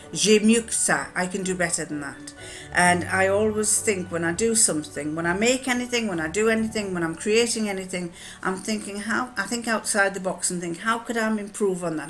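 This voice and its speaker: A woman's voice: medium pitch, a bit bright. An older woman chatting to camera, rambling with frequent ums and restarts as she tells anecdotes. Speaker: vlogger answering a tag challenge. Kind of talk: casual chat to camera.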